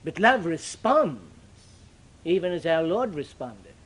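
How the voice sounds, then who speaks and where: An older man preaching a sermon, with dramatic, sweeping shifts in pitch and loudness. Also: big pitch swings, slow, breathy edge.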